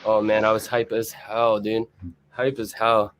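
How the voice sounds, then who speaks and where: Young male guest, rambling, cursing, excited storyteller on a remote mic. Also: fairly low pitch, a little slow, slight background noise. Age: young adult. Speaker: guest musician. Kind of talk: casual chat, storytelling. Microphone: video or remote mic, quiet at first.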